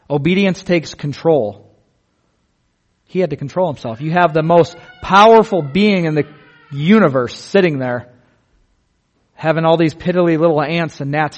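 A man preaching a sermon in an earnest, vivid way, slowing down on key words. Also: fairly high pitch. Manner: earnest, vivid, slows down for emphasis.

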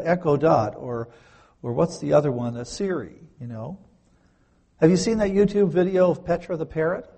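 A man in his fifties delivers a sermon in a gravelly, husky voice pitched a little higher than most men. He talks with emphasis, repeats key words and asks his listeners questions. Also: warm tone. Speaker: pastor.

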